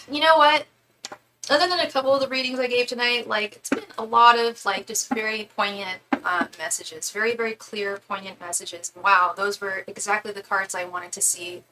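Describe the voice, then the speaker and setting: A woman's voice: mid-range voice, bright, forceful tone, a little hiss or hum, low-quality recording. A woman giving a live tarot reading, emotional and close to tears, often repeating and restarting her words. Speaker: tarot reader.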